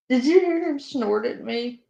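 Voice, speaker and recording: A woman's voice: high-pitched, gravelly, warm tone, muffled recording. A woman hosting a live stream, chatting casually and playfully scolding her pet. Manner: playful, talks to her pet while reacting. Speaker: stream host.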